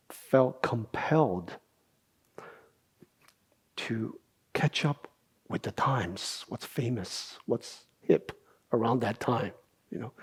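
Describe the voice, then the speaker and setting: Slow, husky-voiced man teaching meditation. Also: mid-range voice, darkish tone. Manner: unhurried explaining, with rhetorical questions and frequent "right?". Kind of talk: Buddhist dharma talk.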